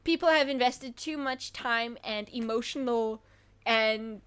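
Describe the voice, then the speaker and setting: A woman's voice: on the high side, measured pace, clear, resonant tone. A woman co-hosting a livestream, chatting casually and reading viewer comments, with lots of fillers. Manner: giggly, animated, thinks aloud with fillers. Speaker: livestream co-host.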